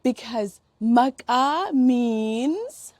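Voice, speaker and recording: A woman with an Oromo accent teaching toddlers in a slow, exaggerated, playful sing-song way, imitating bird calls. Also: a little high, lively intonation, a little mellow, dry recording. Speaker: children's language teacher.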